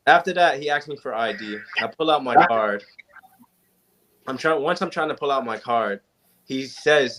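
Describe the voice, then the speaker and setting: A young adult man, appearing as a panel guest, tells stories casually to a group, animatedly acting out the quoted exchanges. His voice is medium-pitched at a normal speed, with a noisy background.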